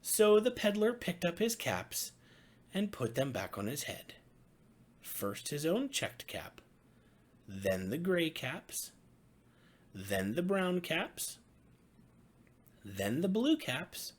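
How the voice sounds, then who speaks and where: Slow, breathy pastor reading a bedtime story. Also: male voice, fairly high pitch. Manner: expressive, sing-song storytelling.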